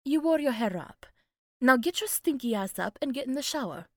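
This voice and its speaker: A woman's voice: high-pitched, expressive, normal speed, a little mellow, no echo, studio quality, pitched above the performer's own voice. A woman voicing a bossy, chipper young woman friend who teases in an upbeat way. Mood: bossy teasing. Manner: teasing and upbeat.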